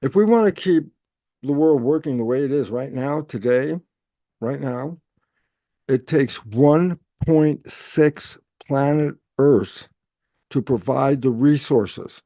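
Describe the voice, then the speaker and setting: A man speaking as an interview guest, explaining in an animated way and answering his own rhetorical questions. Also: medium pitch, takes it slowly, dry recording, studio quality.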